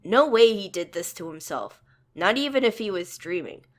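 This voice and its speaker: A woman's voice: medium pitch, lively intonation, normal speed, natural voice. A protective troll father who speaks in firm, emphatic lines, played by a woman reader. He sounds sure and insistent. He is a storybook figure.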